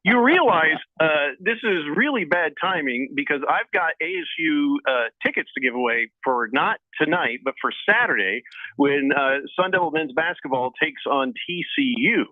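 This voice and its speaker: A man hosting a casual sports radio show, reading listener messages aloud in a jokey, lively way. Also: fairly high pitch, no echo. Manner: jokey, lively, talks fast in spurts. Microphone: phone line into the studio. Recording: tinny phone line, dry.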